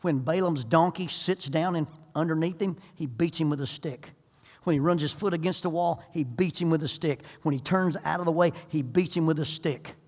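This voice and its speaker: A middle-aged preacher delivers a sermon with folksy humor and lively storytelling. His voice sits a touch high, and it rings with the long reverb of a church sanctuary. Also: moderate pace. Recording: echoey church hall.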